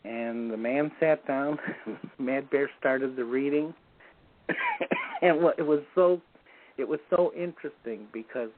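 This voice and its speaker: Male guest recounting a story over the phone; average pitch, relaxed pace with self-corrections, thin telephone audio. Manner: unhurried, with frequent restarts. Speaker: guest recalling a medicine man. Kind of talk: conversational storytelling. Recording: tinny phone line.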